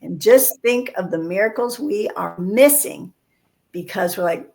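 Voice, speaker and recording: A woman's voice: medium pitch, unhurried, vocal fry, a little mellow. A woman co-hosting a faith podcast, talking earnestly and acting out quoted voices in casual discussion. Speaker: podcast co-host.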